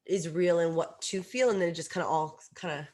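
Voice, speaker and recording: Host voice, mid pitch, wondering out loud, easy casual chat. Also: steady tone, a little fast. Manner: curious, wondering aloud. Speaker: podcast host.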